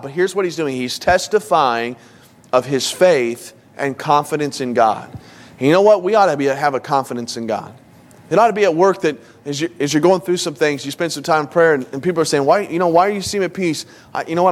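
High-voiced man preaching conversationally. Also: fairly quick. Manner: informal, asks the audience questions. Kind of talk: conversational Bible teaching.

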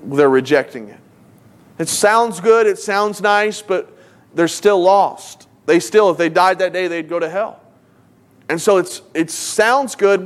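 A man's voice: a little high, measured pace. A man preaching a sermon as a pastor, reading scripture aloud and acting out the people he quotes with emphatic delivery.

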